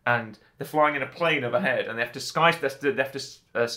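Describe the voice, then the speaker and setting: A man co-hosting a casual film chat, retelling scenes in a halting, chatty way and acting out quoted lines. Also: medium pitch, bright, forceful tone. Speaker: podcast co-host.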